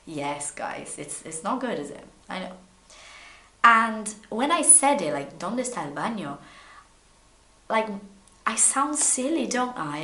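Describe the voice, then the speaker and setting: A woman, teaching English in a chatty, animated way. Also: on the low side. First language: Portuguese. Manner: chatty, animated, repeats words when restarting. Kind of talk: casual video lesson. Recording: echoey room.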